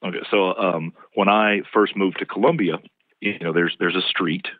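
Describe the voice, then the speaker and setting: A man's voice: deep voice, fairly even intonation, normal speed, no room sound. A man from East Tennessee with a Southern American accent, a linguistics professor explaining patiently as an interview guest, often restarting his sentences. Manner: patient, lecturing, restarts mid-phrase. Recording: phone-line call.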